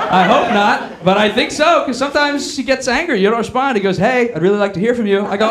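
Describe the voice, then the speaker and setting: Male stand-up comic, high lively voice, shouty bits, live club recording with loud crowd. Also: a little fast, very noisy. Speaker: stand-up comedian. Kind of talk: stand-up comedy set. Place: comedy club stage. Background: loud audience laughter.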